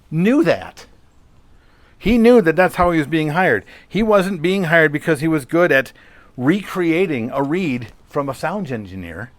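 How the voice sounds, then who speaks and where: Man posing rhetorical questions, slightly high voice. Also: no echo. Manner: conversational, rhetorical questions, storytelling. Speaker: podcast host. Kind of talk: solo podcast monologue.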